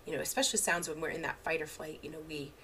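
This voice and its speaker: Low, gravelly-voiced woman giving a training. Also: rapid-fire, fairly bright tone, a little hiss or hum. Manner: casual, many filler words and restarts; relates examples from her own parenting. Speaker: therapist giving an online training. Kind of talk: unscripted lecture.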